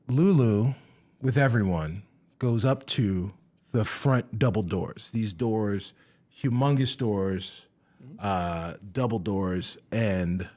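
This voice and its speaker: A man narrating as dungeon master of a tabletop game, relaxed, with many fillers. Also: on the low side.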